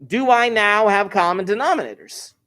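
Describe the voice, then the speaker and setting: A math teacher with a high, sharp-toned voice runs a live online algebra class at a moderate pace. He explains the steps while joking and chatting with his students.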